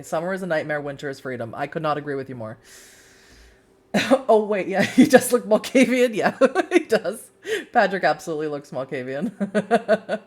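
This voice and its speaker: Lively, laughing woman streamer. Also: fairly low pitch. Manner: laughs often, chatty and self-mocking. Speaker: game streamer and community ambassador. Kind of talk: casual let's-play commentary and narration.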